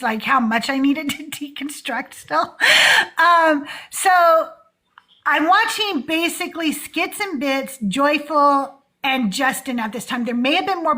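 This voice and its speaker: A woman in her forties hosts a live call-in show, chatting casually in a high, sharp voice. She laughs often and sprinkles in plenty of fillers, giving it the feel of casual livestream chat.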